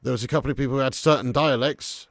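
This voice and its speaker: English male stream host, laddish, mid-pitched, dry close sound, jumps from mumbles to loud excitement. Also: fast, no room sound. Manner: chatty, laddish, swings from mumbling to excited bursts. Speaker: football watch-along host. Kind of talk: live-stream chat reading comments.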